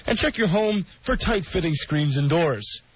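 A man's voice: a little high, expressive, moderate pace, husky, dry recording. A man hosting a radio show, reading out public notices in a casual, joking way. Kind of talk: college radio talk. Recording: muffled radio with music behind.

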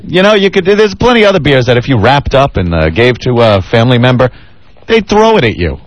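Animated male radio co-host. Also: mid-range voice, no room sound. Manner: animated, sarcastic, drawn-out emphasis. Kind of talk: casual radio banter and live ad read.

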